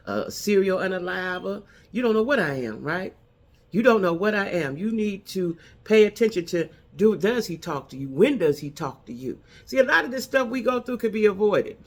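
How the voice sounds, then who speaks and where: A middle-aged woman giving casual dating advice to other women, emphatic and repeating her key points for effect. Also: on the low side.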